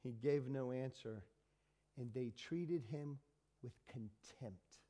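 A man preaching a sermon as pastor, dramatic and swinging from loud to hushed. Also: medium pitch, slow pace, big-room sound. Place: church hall.

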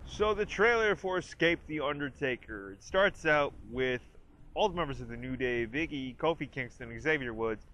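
A man's voice: mid-range voice, animated, moderate pace, pushed and bright, a little hiss or hum. A man casually reviewing a movie trailer, chatty and full of "like", retelling scenes with quoted lines. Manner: chatty, lots of "like" and restarts. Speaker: host of a review channel.

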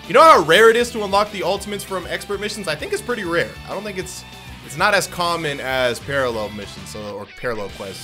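A young man talks through his gameplay in a fairly high, lively voice that jumps around as he jokes and uses slang. Game music plays clearly underneath. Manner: animated, joking, slangy. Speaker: gaming YouTuber. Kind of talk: casual gameplay commentary.

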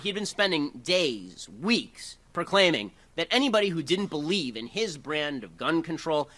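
A man's voice: fairly high pitch, bright, forceful tone. A man giving a combative, mocking speech to a live audience. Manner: combative and rapid-fire, mocking. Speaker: political speaker.

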